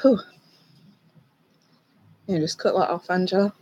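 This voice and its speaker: A tarot reader on a live stream, talking softly and reassuringly to a viewer, with many ums and restarts. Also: medium pitch, a little slow, slightly rough, dull audio.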